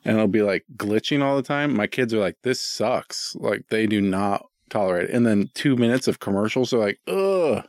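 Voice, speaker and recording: A man's voice: on the low side, brisk, hardly any pauses, no room sound, studio quality. A man in his thirties co-hosting a podcast, chatting casually with jokes and frequent swearing. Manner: joking, profane, playful. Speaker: podcast co-host. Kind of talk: casual comedic chat.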